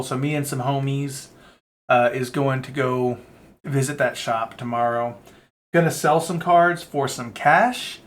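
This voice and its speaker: A man's voice: medium pitch, fairly bright tone. A young man vlogging in a casual, rambling way, candid and peppered with swearing and fillers. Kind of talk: casual chat to camera.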